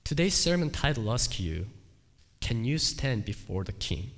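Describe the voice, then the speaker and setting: Pastor guy preaching slow, voice jumping all over, lots of church echo. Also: mid-range voice, big pitch swings. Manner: emphatic, repeats phrases, swings between loud cries and quiet asides. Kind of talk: sermon. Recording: long hall reverb.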